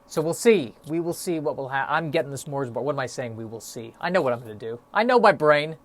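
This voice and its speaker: A young man talks alone into his podcast mic, in a loose, stop-start monologue full of self-mocking asides and fillers. He sounds a little out of breath. His voice sits at an ordinary middle pitch. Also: animated, quick pace. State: a bit out of breath. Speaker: solo podcast host. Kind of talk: rambling solo podcast monologue.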